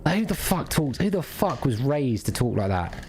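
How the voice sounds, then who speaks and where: A man's voice: medium pitch, big pitch swings, normal speed, darkish tone, soft background music. A man streaming a game, ranting crudely and jokingly in a rambling, casual chat. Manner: rambling, crude, jokey rants.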